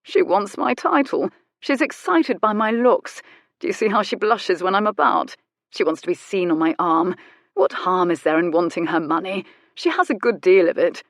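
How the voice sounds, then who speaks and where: A woman's voice: medium pitch, lively intonation, normal speed, no room sound, clean studio sound, lightly acted. A woman voicing a smug, sneering aristocratic rake. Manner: sneering, self-satisfied. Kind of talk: audiobook character voice.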